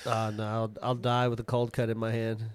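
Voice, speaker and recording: A man's voice: on the low side, completely flat delivery, a little fast, clean tone, no room sound. A man co-hosting a podcast, chatting casually and easily drifting into side tangents. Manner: easygoing, drifts into asides. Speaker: podcast co-host. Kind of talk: casual chat.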